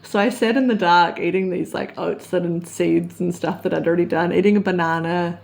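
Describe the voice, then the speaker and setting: A woman speaks in a somewhat low voice. She talks openly and reflectively in a confessional vlog monologue. Her storytelling is candid and unhurried. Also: steady tone, creaky. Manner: open, confessional storytelling with soft laughs. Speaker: vlogger.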